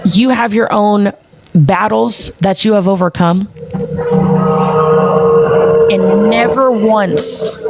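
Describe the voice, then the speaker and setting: A woman's voice: medium pitch, vocal fry, background noise. A woman hosting a live stream, giving an impassioned speech full of emphatic swearing.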